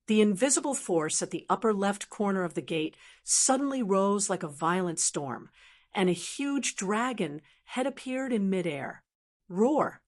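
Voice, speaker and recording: A woman narrating a fantasy novel audiobook in an even, steady reading. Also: medium pitch.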